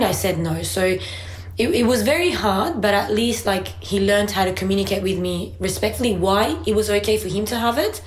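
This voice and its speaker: A woman co-hosting a casual parenting chat, telling a family story and acting out quotes along the way. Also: mid-range voice. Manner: storytelling, acts out her child and sister in quotes. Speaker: podcast co-host. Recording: echoey room, faint background noise.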